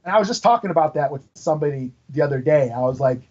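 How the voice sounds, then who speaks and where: A man with a high, husky voice, co-hosting a podcast and chatting casually. He laughs a lot and tells his stories with animation. The sound is dull and lo-fi. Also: fast talker. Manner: laughs often, animated storytelling. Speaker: podcast co-host. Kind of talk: casual chat.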